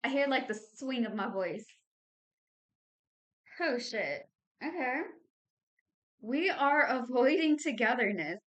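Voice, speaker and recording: On a lo-fi recording, a Southern Texas woman in her thirties reads tarot cards for the month, her slangy, chatty talk peppered with "babies" and "y'all." She pitches her voice on the high side, a bit bright with lively intonation, taking things slowly with long pauses.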